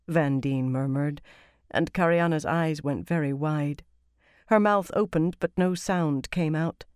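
Low-voiced woman narrating an audiobook. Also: darkish tone, smooth, no room sound, clean studio sound. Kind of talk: scripted narration.

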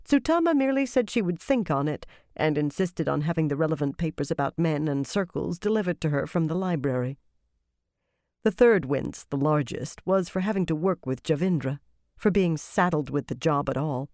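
An audiobook narrator reading a fantasy novel in a measured, expressive way. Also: medium pitch, no room sound, clean studio sound.

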